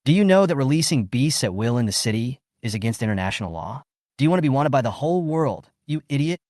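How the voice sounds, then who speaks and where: A man's voice: mid-range voice, sing-song, fast, darkish tone, no echo, studio quality, close to an everyday voice. A man voicing a blustering, arrogant old beast master. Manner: blustering, threatening. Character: arrogant older male American beast master.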